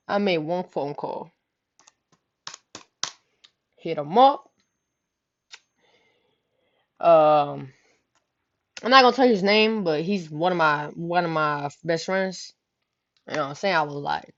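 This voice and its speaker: A young woman vlogger telling a story casually, animated, profane and full of slang, acting out the voices of the people in it. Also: on the low side, slow, long pauses. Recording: dull lo-fi recording.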